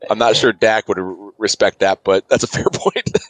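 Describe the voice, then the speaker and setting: A man's voice: fairly low pitch, steady tone, moderate pace, no room sound. A man playing a tabletop game, chatting in an easygoing, amused way. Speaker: player. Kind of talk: casual tabletop game chat.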